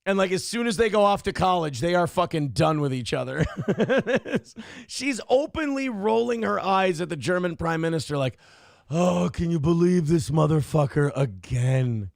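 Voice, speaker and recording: A man's voice: high voice, lively intonation, normal speed, creaky, no echo, studio quality. A man hosting a morning show, giving blunt, profane and sarcastic commentary on the news.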